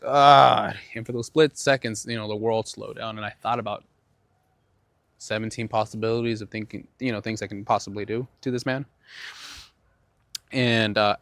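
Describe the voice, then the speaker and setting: A man's voice: mid-range voice, no room sound. Male podcast host, casual rambling storyteller, swears freely, dry close sound. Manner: profane, rambling, animated storytelling.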